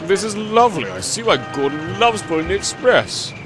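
A man voicing a young, jumpy male diesel engine in a storybook tale, talking loud and excitable. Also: high voice, normal speed, music in the background, pitched above the performer's own voice. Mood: delighted.

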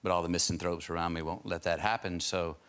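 An American man, a guest actor on a chat show, talking in a slow drawl. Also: sits low, flat delivery, a bit bright, clear, resonant tone.

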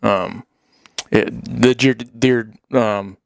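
A man's voice: mid-range voice, fairly even intonation, extremely slow, no room sound, clean studio sound. A man telling hunting stories in a casual chat, rambling, laughing often and acting out what people said.

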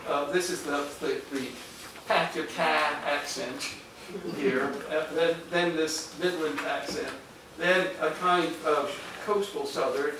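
An older man, a historian, giving a halting public lecture full of fillers and restarts to an audience in a hall. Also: on the high side. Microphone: far room microphone. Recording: echoey hall, distant mic, noisy.

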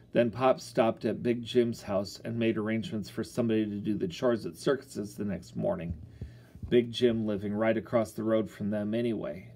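A man's voice: on the low side, darkish tone. A man narrating a first-person children's story in a folksy, boyish storytelling manner. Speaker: audiobook narrator.

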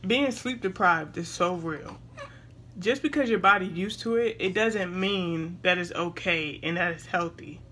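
A woman's voice: lowish voice, measured pace, a bit bright, slight background noise. A young woman vlogging casually at home, chatting to viewers and breaking off to talk to her baby. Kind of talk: casual chat to camera.

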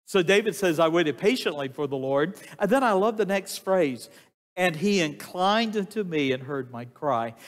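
Older male pastor preaching, a touch high-voiced, slow emphatic delivery, long church reverb. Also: animated. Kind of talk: sermon. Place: church sanctuary.

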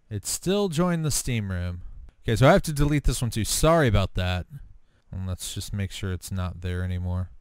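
Male streamer, smooth clear voice, dry close sound, casual screen-capture walkthrough. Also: fairly low pitch, no echo. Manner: casual, thinking aloud with fillers. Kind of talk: screen-recorded tech walkthrough.

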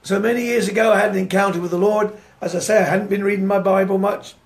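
A man preaching a fervent sermon, swinging from loud declarations to hushed prayer and laughing as he tells his story. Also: sits high, steady tone, fast talker. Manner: laughs often while telling a story.

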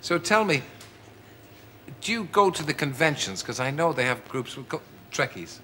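Playful male chat-show host, lively pitch. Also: normal speed, a little hiss or hum. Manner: playful, teasing, jokey. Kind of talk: scripted introduction and chat show interview. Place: television studio with audience.

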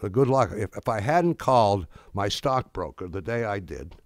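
An older man giving a speech, telling wry stories in a halting way with many restarts and fillers. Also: lowish voice, animated, no echo, clean studio sound. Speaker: speaker. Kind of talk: anecdotal speech.

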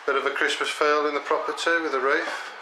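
A man's voice: a little high, flat delivery, brisk. A man narrating his family's holiday home video with dry, joking asides, recorded on a handheld camera. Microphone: handheld camera mic. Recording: noisy home-video audio.

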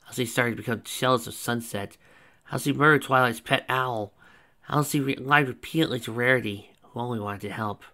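A man reading fan fiction aloud as narrator, in a steady, plain way. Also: medium pitch, brisk.

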